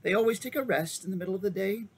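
A man voicing an old male magician, genial and fussy, in a high lilting old-man voice for a storybook reading. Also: very fast, slight background noise, natural voice. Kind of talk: storybook read-aloud.

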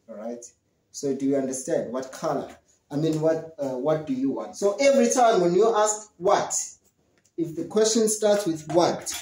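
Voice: mid-range voice, mellow. A teacher giving a lesson to young learners, explaining step by step and acting out questions and answers in an encouraging way. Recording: roomy echo.

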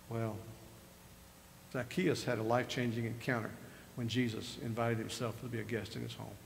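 A man's voice: mid-range voice, level tone, fairly quick, creaky, pauses often, a little mellow, slight background noise. An older man preaching a sermon as pastor, retelling scripture in a conversational way with rising emphasis. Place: church sanctuary. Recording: reverberant church hall with faint ambience.

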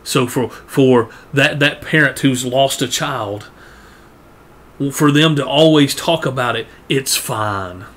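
A man preaching a sermon, earnest, often repeating words and rising in pitch to press a point. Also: slow pace, a bit bright.

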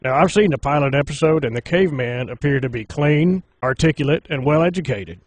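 A man's voice: fairly high pitch, animated, fairly quick, dry recording. A man making a prank phone call, speaking in a provocative, mock-sincere way. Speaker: prank caller.

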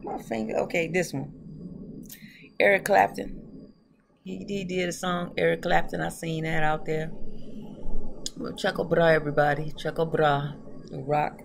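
A woman hosts a casual tarot reading, rambling from one thought to the next and addressing her viewers directly. Her voice sits low with a gravelly fry. The recording carries a clear bed of background noise. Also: little pitch movement, measured pace, long pauses. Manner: rambling, chatty, talks straight to viewers; laughs often. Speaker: tarot reader.

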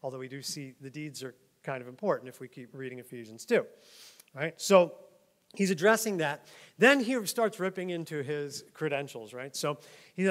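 A man's voice: fairly high pitch, lively intonation, moderate pace, a bit bright. Chatty pastor, a man from New York. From New York, USA. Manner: chatty, laughs often, keeps asking "right?". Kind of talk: conversational sermon.

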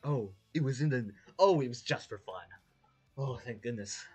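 Excitable reaction host, gasping and panicky. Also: mid-range voice, moderate pace, breathy edge, soft background music. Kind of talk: reacting to animations.

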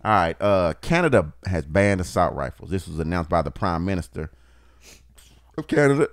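A deep-voiced man co-hosts a casual podcast chat, teasing and laid-back. His pitch rises and falls with plenty of life. The sound is dry and close to the mic. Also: sing-song, normal speed, no room sound. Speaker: podcast co-host.

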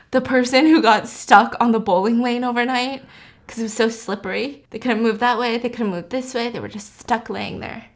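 A woman's voice: fairly high pitch, unhurried, pauses often. A young woman hosting a podcast, casually retelling a movie in a chatty way, laughing often and acting out the characters' lines. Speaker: podcast host recapping a movie. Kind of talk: casual storytelling chat.

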